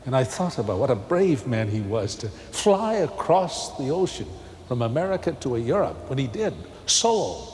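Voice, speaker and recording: A male pastor giving a televised sermon in a large church, folksy and animated with emphatic peaks. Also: medium pitch, moderate pace, a little hiss or hum. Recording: long cathedral echo, faint ambience.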